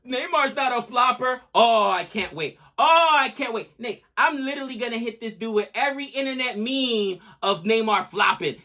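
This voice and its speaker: A young adult man co-hosting a casual reaction chat, excitable and joking, swinging from loud outbursts to quiet asides. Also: very high-pitched. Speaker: co-host of a reaction channel.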